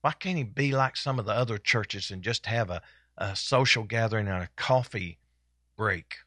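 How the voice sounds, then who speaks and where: A man preaching, putting on the voice of a sly male devil who coaxes and whispers doubts in a low, hushed tone. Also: moderate pace, dry recording. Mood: coaxing.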